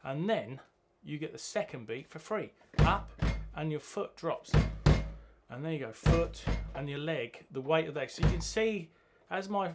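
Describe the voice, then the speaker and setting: Man, drum teacher, chants rhythms, slightly high voice, loud drum kit behind. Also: lively intonation, unhurried, loud music behind the voice. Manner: chants rhythm words while demonstrating. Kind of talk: drum lesson tutorial. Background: drum kit playing.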